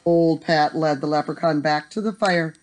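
Casting: a mid-pitched, expressive bedtime story reader. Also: normal speed, a little hiss or hum.

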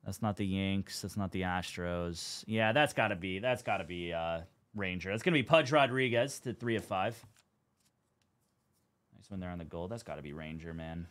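A man's voice: sits low, moderate pace, a bit bright. A young man hosting a live card break stream, chatting casually as he calls out cards and teams.

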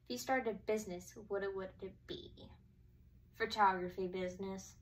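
A young woman in easy conversation, her voice picked up from some distance away from the mic. She talks in a relaxed way, restarting and trailing off, and keeps murmuring mm-hmm while her friend speaks. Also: medium pitch, moderate pace. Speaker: co-host. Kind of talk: casual chat.

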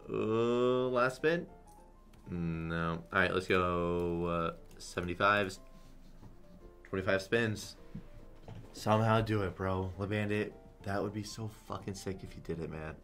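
Casting: young male streamer, deep voice, hype slot commentary, faint music behind. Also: unhurried. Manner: excitable, swears a lot, chants "come on". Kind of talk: live gambling commentary.

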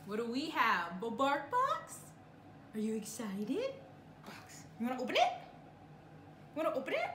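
A woman gushes to her dog in slow, sing-song baby talk that swoops high and low. Her voice sits a little high. The sound is roomy and echoey, with steady noise behind it. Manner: cooing baby talk to a dog, often laughing. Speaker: vlogger. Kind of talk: casual vlog talking to a pet.

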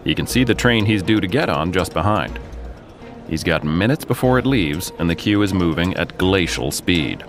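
A man from the US with a low voice, lively intonation, and a moderate pace hosts a podcast. He recounts a true story dramatically and cracks jokes between scenes. The recording layers his voice over a music bed.

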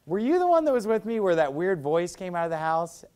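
Pastor with a fairly high voice. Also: male voice, big pitch swings, a little fast, a little mellow, smooth. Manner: conversational storytelling, frequent "you know". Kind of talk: sermon.

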